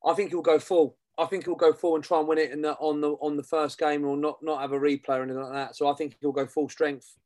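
Chatty man with a higher voice. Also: flat delivery, fast, darkish tone, dry recording. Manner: rambling, repeats himself. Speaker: podcast co-host. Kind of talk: casual football chat.

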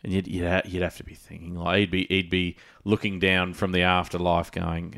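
A man with a deep, low voice, chatting on a gaming podcast. He tells stories with an easy, chatty manner and breaks into laughter at his own jokes. His delivery is relaxed and conversational. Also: normal speed, gravelly, few pauses. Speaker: podcast co-host. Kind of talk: casual gaming podcast chat.

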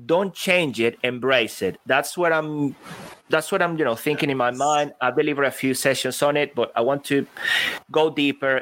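Man, non-native english accent, lively, laughs easily, restarts mid-thought, casual interview chat. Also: medium pitch. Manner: animated, laughs easily, thinks aloud with restarts. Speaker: podcast guest, public speaker.

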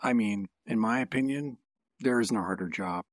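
A man co-hosting a casual podcast, deadpan and playfully absurd in his asides. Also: fairly low pitch, moderate pace, no echo, clean studio sound. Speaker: podcast co-host, artist.

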